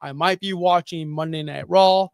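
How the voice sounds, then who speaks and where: A middle-aged man hosting a fantasy football show, talking in animated, sarcastic, jokey rants. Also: on the high side, normal speed, vocal fry, clear, resonant tone, dry recording, studio quality. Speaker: fantasy football podcast host. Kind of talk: casual sports talk.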